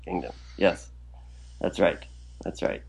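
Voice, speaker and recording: A middle-aged man, a composer, talking as a guest in a casual podcast interview in a relaxed, friendly, conversational way. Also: sits low, takes it slowly, vocal fry, slightly rough.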